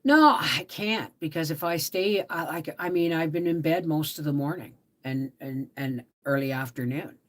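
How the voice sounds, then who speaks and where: A middle-aged woman hosting a casual live stream, tired from a migraine, talking softly and trailing off as she greets viewers. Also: deep voice. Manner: slow, soft-spoken, trailing off, greeting viewers warmly by name. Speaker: livestream host.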